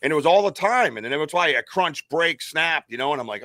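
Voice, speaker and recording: A man's voice: a little high, expressive, fast talker, pushed and bright, no room sound. A man co-hosting a podcast, telling a long personal story in a rambling way, full of fillers and restarts. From United States. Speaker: podcast co-host. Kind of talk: casual storytelling.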